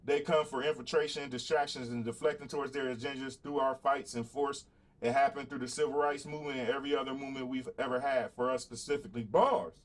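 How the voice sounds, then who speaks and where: A man's voice: mid-range voice, steady tone, fast talker. A man hosting a casual livestream talk show, speaking bluntly and with plenty of profanity, repeating points for emphasis, laughing between them and calling out to viewers. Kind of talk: casual livestream monologue, answering chat.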